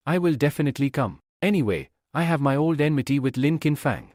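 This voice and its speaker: A confident young male alchemist, voiced by a man in a comic recap, speaking calmly and matter-of-factly with a lively, moving pitch. The recording is dry and close. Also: brisk, no echo, natural voice.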